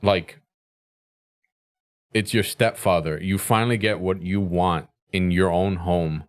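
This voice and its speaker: Man, podcast co-host, fairly low voice, casual, curses a lot, laughs easily. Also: steady tone, slow. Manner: profane, laughs often. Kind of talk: casual chat.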